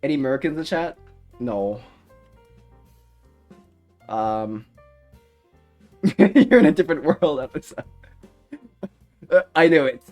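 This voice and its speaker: A man's voice: on the high side, animated, slow, long pauses, a little mellow, soft background music. A young man chatting casually on a live stream, rambling off on tangents and swearing freely. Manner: rambling, goes off on tangents, swears, laughs often.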